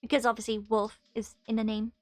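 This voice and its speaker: A woman's voice: a little high, level tone, a little fast, no echo. A woman in her twenties chatting casually on a live stream while she plays, reading chat aloud and laughing often. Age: 20s.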